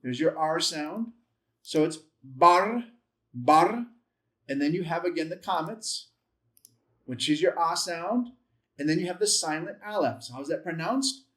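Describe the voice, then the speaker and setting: Guy teaching a class, slightly high voice, says sounds slowly over and over, jokes a bit. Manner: patient, sounds out letters slowly and repeats them; self-correcting, lightly humorous asides. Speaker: Bible Hebrew teacher. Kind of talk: classroom-style language lesson.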